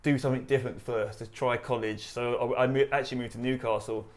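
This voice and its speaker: A man in his thirties from East London, with a London accent, a charity founder and army veteran telling his story in a relaxed, chatty way. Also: mid-range voice, fast. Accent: London English. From East London, England. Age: 30s. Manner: relaxed, chatty, laughs while retelling. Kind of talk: casual interview storytelling.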